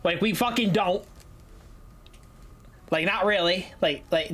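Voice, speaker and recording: A man's voice: high voice, slow pace, long pauses, fairly bright tone. A young man from Massachusetts with a light local accent, chatting loosely as a game streamer, rambling and joking with some swearing. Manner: rambling, joking, profane, laughs often. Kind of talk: casual gaming stream chat.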